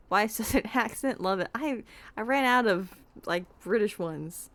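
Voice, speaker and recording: A woman's voice: medium pitch, animated, measured pace, fairly bright tone. A woman casually chatting while streaming a game from her home setup, close on a desk microphone. Her talk is loose and self-deprecating, with asides to her cat. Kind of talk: casual let's-play chat.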